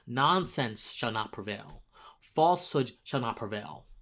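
With an expressive, fairly bright mid-range voice and a measured pace, this man hosts a casual political commentary show. His monologue meanders, restarts, and builds to emphatic outbursts.

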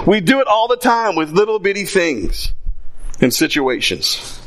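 A man's voice: high-pitched, very animated, unhurried, a bit bright. A man preaching a sermon in a conversational way, acting out little asides. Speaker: pastor.

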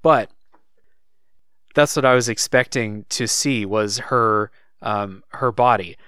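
A man talks casually about a story game he played, looping back with fillers as he thinks. His voice is smooth and resonant. The sound is dry and close, with no room around it. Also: on the low side, takes it slowly, no echo. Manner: relaxed, thinks aloud with many fillers. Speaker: podcast co-host. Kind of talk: casual chat.

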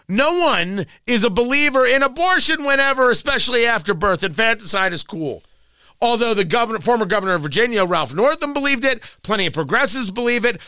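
Combative bright-voiced radio host. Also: male voice, high voice, dry recording. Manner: combative, sarcastic, emphatic. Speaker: radio talk show host. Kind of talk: political talk radio monologue.

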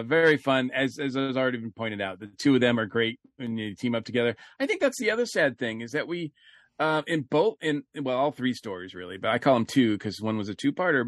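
A man's voice: medium pitch, fairly bright tone, no echo, clean studio sound. Casual rambling man reviewing audio dramas. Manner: rambling, many fillers and restarts. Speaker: podcast co-host.

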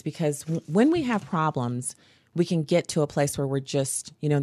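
A woman hosting a faith podcast, telling stories in an animated, earnest way. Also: sits low, no room sound, clean studio sound. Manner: animated, earnest storytelling with laughs. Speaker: podcast host. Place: home studio.

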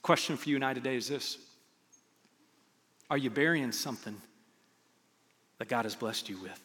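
A man preaching a sermon as a pastor, speaking in a conversational, animated storytelling way with acted quotes. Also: medium pitch, moderate pace, in a large hall. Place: church auditorium.

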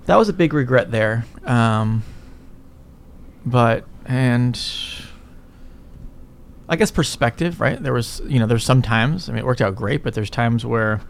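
A man's voice: medium pitch, a little slow, gravelly, slight background noise. Rambling middle-aged man who swears freely. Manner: rambling, swears often, ends points with "right?". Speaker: guest entrepreneur. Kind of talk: casual interview talk.

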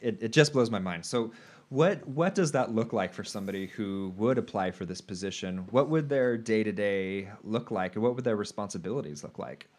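A man with a fairly low voice hosts a conversational interview. He sounds enthusiastic and stammers slightly when he begins a sentence. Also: lively intonation, normal speed. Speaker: podcast host.

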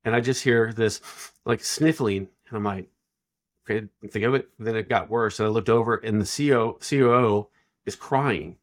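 A middle-aged man guest on a business podcast, telling stories in a casual, animated way and acting out quoted dialogue. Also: lowish voice, normal speed. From Texas. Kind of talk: casual storytelling.

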